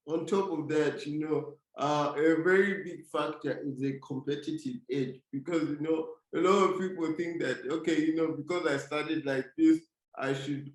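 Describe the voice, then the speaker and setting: A man interviewing a guest, asking questions hesitantly with many fillers. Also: a little high. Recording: echoey room.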